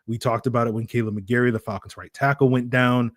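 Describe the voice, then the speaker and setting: A man's voice: mid-range voice, fairly even intonation, quick pace, no room sound, studio quality. A man hosting a sports podcast, breaking down a game in a chatty, rambling, self-mocking way. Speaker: podcast host. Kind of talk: casual sports analysis.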